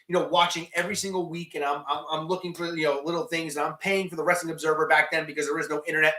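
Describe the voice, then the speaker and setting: A man hosting a casual live stream, his voice sitting a bit high for a man. He rambles and restarts his sentences as he answers viewers, and his voice echoes around the room he is in. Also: sharp tone. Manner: rambling, many restarts and fillers, reads chat questions aloud.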